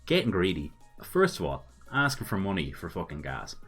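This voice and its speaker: A man's voice: low voice, huge pitch swings, moderate pace, fairly bright tone, husky, faint music behind. A young Irish man giving casual commentary on chat logs, swearing freely and laughing often, with blunt asides. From Ireland.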